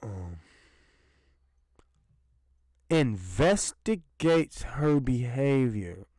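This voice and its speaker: A man's voice: mid-range voice, lively intonation, extremely slow, dark tone, no echo, poor audio. A young man hosting a solo podcast, ranting with indignant sarcasm, swearing often and laughing as he goes. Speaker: podcast host.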